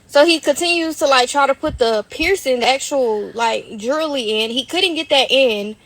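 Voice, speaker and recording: A woman's voice: high-pitched, moderate pace, fairly bright tone, no echo. A woman telling her story in a casual, rambling, slangy way with lots of swearing and fillers, on a dry, close phone recording.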